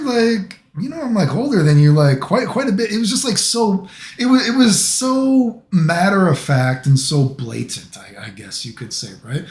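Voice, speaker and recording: A man's voice: fairly high pitch, a little mellow. Rambling man in an echoey room. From United States. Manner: rambling, heavy use of filler phrases. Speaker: vlogger. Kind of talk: casual rambling monologue.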